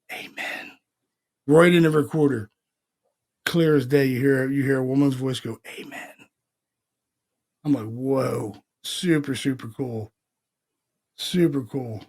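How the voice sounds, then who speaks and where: A man from Pennsylvania hosting a podcast, telling stories in a casual, animated way, acting out quotes and swearing freely. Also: fairly high pitch. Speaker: paranormal podcast host. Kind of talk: casual storytelling chat.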